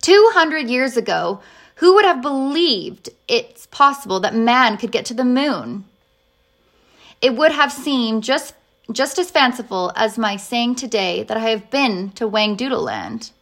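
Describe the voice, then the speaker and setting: A woman voicing a wise, patient older male professor who speaks slowly and distinctly in a storybook reading. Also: fairly high pitch, very animated, a bit bright, full character voice. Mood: earnest. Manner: slow, distinct and earnest.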